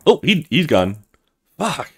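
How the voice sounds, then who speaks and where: A man's voice: fairly high pitch, very animated, takes it slowly, breathy edge. A young man playing a video game, reading its lines aloud and swearing a lot. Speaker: let's player. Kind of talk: gaming commentary reading dialogue aloud.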